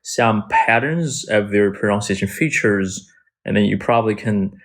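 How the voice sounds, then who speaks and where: A man whose first language is Chinese patiently explains English phrases as a conversation partner, often restarting his sentences. His voice sits on the low side at a normal speed, and the tone is casual.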